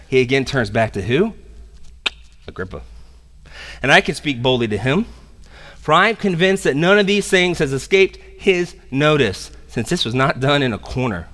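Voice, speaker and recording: A man preaching a sermon as pastor, animated and conversational, slipping into casual slang. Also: mid-range voice, normal speed. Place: church sanctuary. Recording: long reverb of a church hall.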